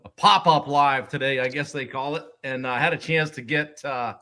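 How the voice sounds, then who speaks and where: A man hosting a casual live stream, relaxed and chatty, with frequent fillers and restarts, talking with a guest over a video call. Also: medium pitch, normal speed.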